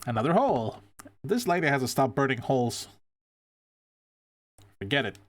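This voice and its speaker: A man's voice: medium pitch, very animated, moderate pace. A man casually chatting and rambling while streaming a video game, often restarting his sentences. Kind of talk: casual live game commentary.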